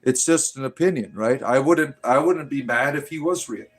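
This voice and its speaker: A man's voice: mid-range voice, moderate pace. A man hosting a livestream in casual, provocative talk, mocking and taunting his viewers. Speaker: livestream host.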